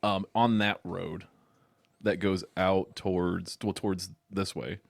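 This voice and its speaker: Man, low voice, dry sound, halting and laughing storyteller. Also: steady tone, creaky, no echo. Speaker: podcast guest. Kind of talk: casual chat.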